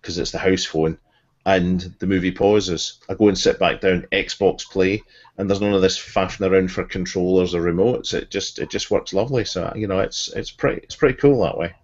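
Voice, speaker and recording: Very deep-voiced man explaining. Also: lo-fi sound. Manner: measured, explanatory, many restarts. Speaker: podcast co-host, resident expert. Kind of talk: casual group chat.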